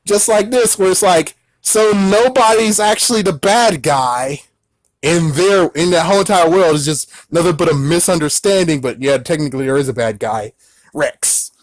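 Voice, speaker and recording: A man giving a casual movie recap as a reviewer, excitable and rambling, breaking into exclamations as he talks. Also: fairly high pitch, normal speed, no room sound.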